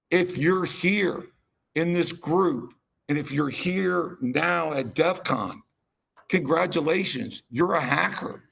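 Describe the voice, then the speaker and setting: A man delivers a passionate, rambling conference keynote full of self-deprecating asides. His mid-range voice is a bit bright yet gravelly and husky.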